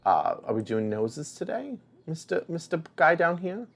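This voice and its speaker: A man's voice: a little high, big pitch swings, normal speed, vocal fry. A young man in casual gameplay commentary, telling rambling stories while chatting to the characters on screen. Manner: rambling storyteller, chats to the game characters. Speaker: let's play host.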